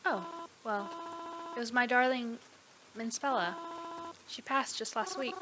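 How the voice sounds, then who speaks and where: A woman's voice: a little high, unhurried, close to an everyday voice. A woman reading a sorrowful old mother. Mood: grieving. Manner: sorrowful, gentle and polite. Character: grieving elderly mother at a funeral. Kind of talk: visual novel read aloud. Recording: noisy background.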